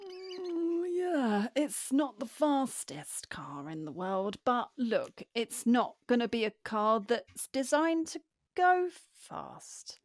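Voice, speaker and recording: Female podcast co-host, animated voice, playful and chatty, dry recording. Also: fairly high pitch, takes it slowly, dry recording. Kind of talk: casual chat.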